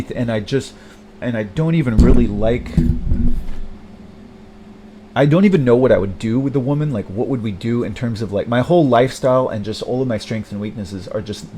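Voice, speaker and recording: A man of middling pitch pours out a rambling confessional monologue, halting and restarting as he goes. He sounds self-deprecating and bitter and swears often. A faint hiss sits under the voice. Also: dark tone. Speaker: vlogger.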